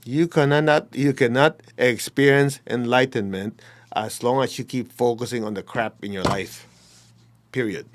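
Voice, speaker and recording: Male spiritual teacher, mid-pitched, blunt, emphatic delivery. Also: steady tone, measured pace, slight background noise. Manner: blunt, emphatic, acts out quoted people. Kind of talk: dharma talk.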